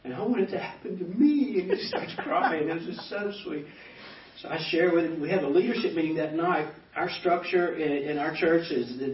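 A man in his fifties, a pastor giving a personal testimony, animated and acting out quoted dialogue as he tells stories. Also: a little high. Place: banquet hall. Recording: echoey hall, distant dull mic.

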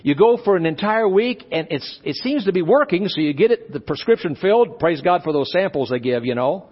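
A male pastor preaching a sermon, animated, acting out little dialogues as he goes. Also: sits high, brisk, breathy edge. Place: church conference hall. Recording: dull live recording in a reverberant hall.

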